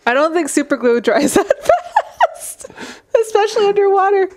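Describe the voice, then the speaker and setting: A woman's voice: extremely high pitch, animated, normal speed, darkish tone. A woman on a casual panel, giving brief and agreeable remarks. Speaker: panel judge. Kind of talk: casual podcast chat.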